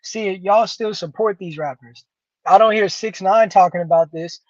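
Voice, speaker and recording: High-voiced man in a heated rant. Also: moderate pace, no room sound. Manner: preachy, repeats "homie" and "nigga", builds rhetorically. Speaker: show host. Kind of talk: profane ranting commentary. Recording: dull lo-fi dry sound.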